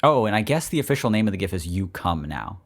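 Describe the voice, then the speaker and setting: Young man co-hosting a podcast in loose, casual chat. His voice sits a little low, and he swears freely and gets animated as the jokes pile up. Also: fast talker. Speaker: podcast co-host.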